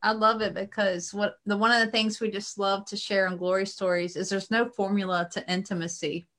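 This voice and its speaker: A host of a faith interview show, warmly affirming the guest and reflecting on his story. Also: mid-range voice, level tone, fairly quick. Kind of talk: interview backchannel.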